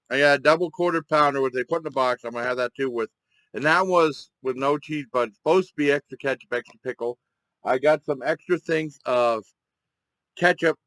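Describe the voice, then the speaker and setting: A man talking casually to his viewers in a rambling, halting way with many fillers while eating. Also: mid-range voice, fairly bright tone, no echo, poor audio. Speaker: mukbang vlogger.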